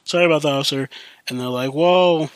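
Young male podcast host, casual rambling storyteller, slightly high voice, dry close sound. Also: fast talker, clear, resonant tone, dry recording. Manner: rambling, heavy use of fillers like "like" and "you know".

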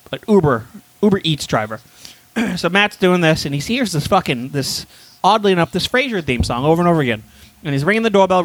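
A man's voice: fairly high pitch, a bit bright, no echo. A man co-hosting a casual podcast, telling an absurd made-up story full of swearing and filler words. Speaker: podcast co-host. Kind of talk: casual chat, rambling storytelling.

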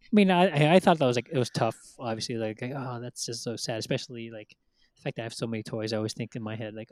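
A man's voice: medium pitch, fast, darkish tone, no echo. A man co-hosting a casual podcast chat, rambling with many fillers and acting out quotes. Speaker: podcast co-host.

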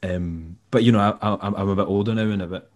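A Scottish man, a musician and tour manager, telling stories in a relaxed, rambling way and acting out the people he quotes. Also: lowish voice, fast. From Scotland. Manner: rambling, laid-back, acts out quoted dialogue. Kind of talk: casual storytelling interview.

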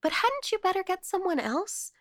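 Woman reads a no-nonsense, cheerful lady for an audio ghost story, pitched up and pushy, with a bright, dry sound. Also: big pitch swings, dry recording, exaggerated voice. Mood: eager. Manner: brisk and insistent, high and emphatic. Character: brisk, cheerful, practical middle-aged English lady.

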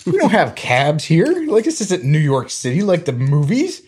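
This Georgia man in his thirties has a slightly rough voice on the higher side, talking at a normal speed with few pauses. He tells family stories casually and brings them to life by performing each quoted voice.

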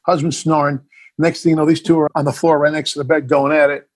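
A man's voice: on the high side, level tone, fast. A middle-aged man, a filmmaker guest in a casual interview, telling a story animatedly and acting out the scenes.

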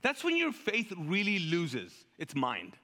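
High, bright-voiced male pastor preaching. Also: wildly swooping pitch, slow pace. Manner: conversational preaching with rhetorical questions and audience call-and-response. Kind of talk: sermon. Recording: long hall reverb.

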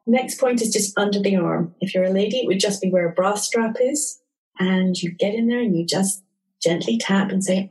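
A woman calmly and gently explaining a tapping technique step by step in an interview. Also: medium pitch, normal speed, rough recording. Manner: calm, gentle instructional talk. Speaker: tapping therapy practitioner.

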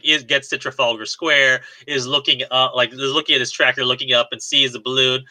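A man's voice: mid-range voice, bright, forceful tone, no room sound, low-quality recording. A man co-hosting a podcast, casually recapping a film plot with lots of fillers. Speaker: podcast co-host. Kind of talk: casual movie recap chat.

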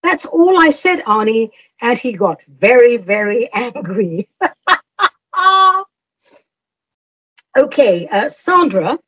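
Husky, lively woman radio host. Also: on the high side, slow pace, low-quality recording. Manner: playful, laughing often, teasing asides. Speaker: radio show host answering listener letters. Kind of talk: advice talk, reading a listener email aloud.

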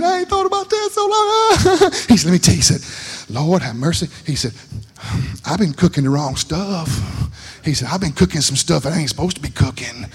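Preacher guy, kinda high voice, stumbles and repeats himself, laughs, echoey church hall. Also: breathy edge. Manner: rambling, repeats words, laughs at himself, acts out voices in stories. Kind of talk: folksy sermon with storytelling. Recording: long hall reverb.

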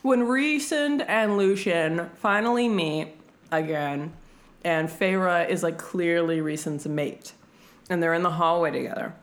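Animated young woman swearing freely. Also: on the low side, a little slow, low-quality recording. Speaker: podcast host. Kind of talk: casual chat about a book.

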